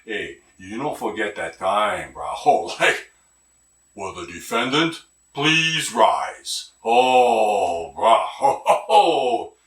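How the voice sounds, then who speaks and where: A man voicing a loud, joking, middle-aged local cousin who speaks Hawaiian Pidgin, rambles and mangles big words. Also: on the low side, big pitch swings, drawn-out words, full character voice. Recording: roomy sound, mic at a distance.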